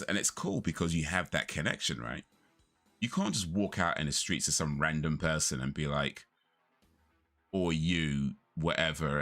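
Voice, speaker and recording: A man's voice: deep voice, fairly bright tone. A young man chatting casually on a live stream, rambling through stories and laughing often.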